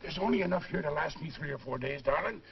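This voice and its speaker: A man's voice: a little high, expressive, quick pace, creaky. An actor playing a whiskey-loving cavalry soldier, sweet-talking his girl. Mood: wheedling. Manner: coaxing, sweet-talking, sly. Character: boozy, wheedling old cavalry soldier. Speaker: film actor. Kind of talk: 1950s film acting. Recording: dull old film soundtrack with hiss.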